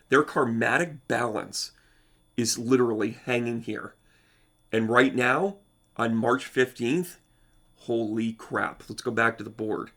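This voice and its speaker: Male channel host, bright tone, mid pitch, casual rambling explainer who talks straight to camera. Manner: rambling, self-correcting, chatty, addresses viewers directly. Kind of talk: casual explanatory talk over charts.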